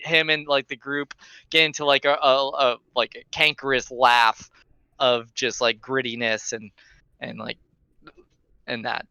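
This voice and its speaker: A man's voice: mid-range voice, flat delivery, unhurried, gravelly, sharp tone, smooth, no room sound, poor audio. A young man narrating a tabletop game as game master in a casual way, with many fillers.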